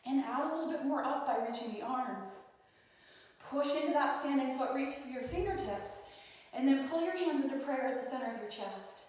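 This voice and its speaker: Casting: woman yoga teacher, calm encouraging cues, slightly winded, fairly high voice, distant mic in a roomy hall. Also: brisk. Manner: calm, encouraging cueing with frequent "right?". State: slightly out of breath while demonstrating. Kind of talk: guided yoga class instruction. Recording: echoey hall, voice from far off.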